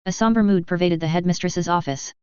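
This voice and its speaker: A woman narrating a story in a steady, measured reading voice. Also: fairly low pitch, smooth, no echo, dull audio. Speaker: audiobook narrator. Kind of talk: scripted narration.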